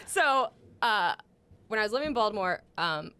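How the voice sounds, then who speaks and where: A woman's voice: mid-range voice, moderate pace, clear, resonant tone. Young woman, comedian guest, podcast studio, swinging intonation, laughs through stories. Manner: animated, laughing, swearing freely. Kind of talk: casual podcast storytelling.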